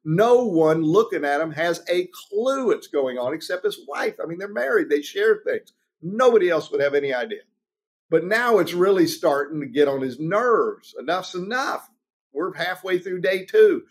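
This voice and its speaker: A man with a fairly high voice talks through his courtroom method in a podcast interview. He tells stories with energy and slips into the voices of the people in them. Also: normal speed. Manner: animated storytelling, acts out quoted voices. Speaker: trial lawyer guest.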